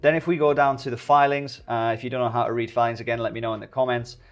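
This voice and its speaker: A man's voice: medium pitch, steady tone, quick pace. A man giving a casual, jokey trading tutorial, speaking directly to his viewers as he goes over a chart. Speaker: stock trading YouTuber.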